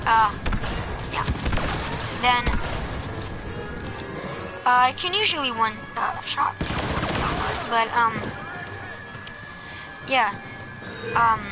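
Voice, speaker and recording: A woman's voice: on the high side, expressive, extremely slow, long pauses. A woman giving casual gameplay tips over a headset, hesitant and full of ums and restarts. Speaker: gameplay commentator. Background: game music and sound effects.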